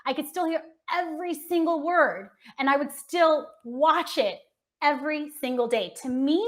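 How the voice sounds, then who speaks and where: An American woman hosting a casual entertainment chat show, talking with gushing enthusiasm. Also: sits high. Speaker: host.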